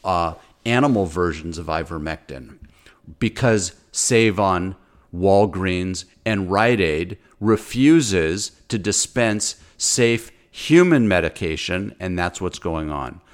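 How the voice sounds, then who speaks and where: A deep-voiced man ranting with heated insistence on a talk show. He is a physician, and his speech is forceful and repetitive, with stumbles and restarts as he drives each point home. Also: expressive, slow. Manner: angry, insistent, repeats words. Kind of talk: impassioned talk-show rant.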